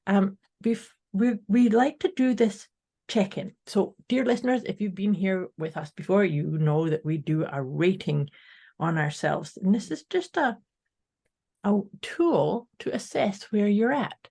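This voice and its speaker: Female podcast co-host, upbeat and casual, mellow and slightly gravelly tone, talks to the audience directly. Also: medium pitch, unhurried. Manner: upbeat, addresses listeners directly. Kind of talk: casual motivational chat.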